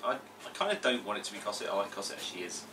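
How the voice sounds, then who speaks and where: A man's voice: lowish voice, big pitch swings, rapid-fire. A man playing a tabletop game, musing dryly in casual chat. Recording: distant mic in an echoey, noisy room.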